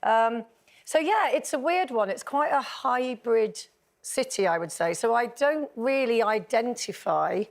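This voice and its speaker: Gravelly-voiced woman on a panel. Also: on the high side, animated, unhurried. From Oxford, England. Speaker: panelist on a daytime talk show. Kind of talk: casual panel chat. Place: television studio.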